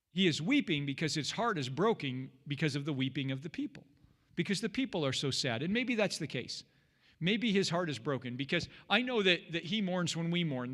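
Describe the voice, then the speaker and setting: A man's voice: fairly high pitch, fairly bright tone, in a large hall. A man leading a Bible study as pastor, teaching in an earnest, conversational way and often repeating himself. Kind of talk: teaching sermon.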